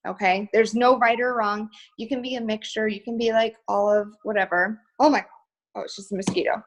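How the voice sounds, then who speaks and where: A woman's voice: on the high side, fairly even intonation, brisk, rough recording. Chatty woman with lots of fillers. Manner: chatty, filler-heavy, upbeat. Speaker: guest speaker. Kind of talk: casual live-stream talk.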